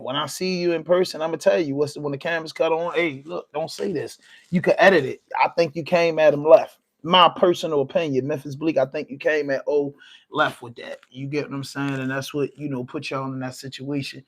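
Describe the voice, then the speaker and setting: A man's voice: on the high side, steady tone, brisk. Laid-back man commenting casually. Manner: laid-back, peppered with "you know what I mean". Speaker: podcast host.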